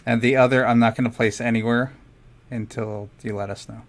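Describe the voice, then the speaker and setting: A man playing in a tabletop game, thinking out loud about his character's moves. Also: mid-range voice, fairly even intonation, a little fast. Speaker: player.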